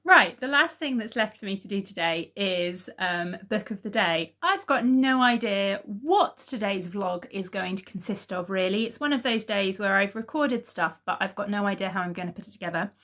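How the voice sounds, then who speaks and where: A woman's voice: medium pitch, expressive, normal speed, few pauses, a bit bright. A woman chatting casually to camera in a home vlog, rambling along with lots of ums. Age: adult mother. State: out of breath. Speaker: vlogger.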